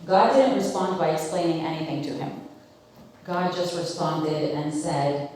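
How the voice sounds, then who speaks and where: Low-voiced woman teaching in an echoey room. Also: a little slow, darkish tone. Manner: conversational, asks the group questions, many fillers. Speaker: Bible study teacher. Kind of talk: Bible study teaching. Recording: very echoey room, mic at a distance.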